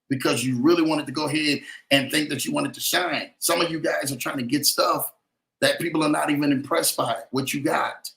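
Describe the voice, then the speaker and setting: A man's voice: fairly high pitch, vocal fry, a bit bright. A man hosting a motivational podcast, talking emphatically and repeating phrases for effect, with a preachy, keeping-it-real manner. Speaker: podcast host.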